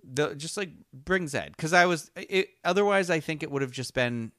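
A man's voice: fairly high pitch, lively intonation, normal speed, a bit bright, no echo, studio quality. A man co-hosting a casual fan discussion, talking enthusiastically and rambling through restarts. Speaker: podcast co-host.

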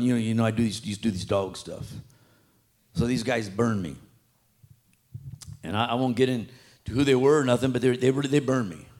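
Man preacher, sermon in church, lively pitch swings, acts out voices. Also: vocal fry. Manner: animated preaching, acts out quoted street talk.

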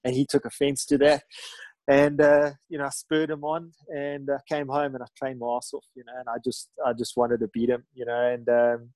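A man's voice: mid-range voice, flat delivery, moderate pace, darkish tone, no room sound, poor audio. A middle-aged man telling a story in a rambling way, full of fillers and restarts. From South Africa. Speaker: guest, ocean ski paddler. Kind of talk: casual storytelling.

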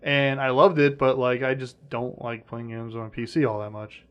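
A young man co-hosting a gaming podcast, talking in a relaxed, easygoing and slightly halting way. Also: medium pitch, lo-fi sound. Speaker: podcast co-host. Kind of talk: casual gaming chat.

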